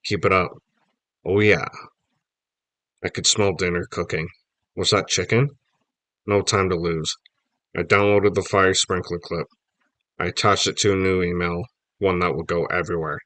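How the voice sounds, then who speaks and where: A man reading a children's novel aloud, telling the story lively in first person. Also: low voice, normal speed, pauses often, no echo. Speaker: audiobook reader.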